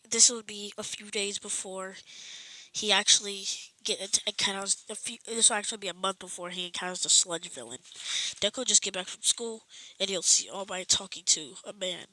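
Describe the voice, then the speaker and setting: A woman's voice: medium pitch, fairly quick, bright, forceful tone, no room sound, rough recording. A woman casually improvising a fan story, rambling with many restarts and self-corrections.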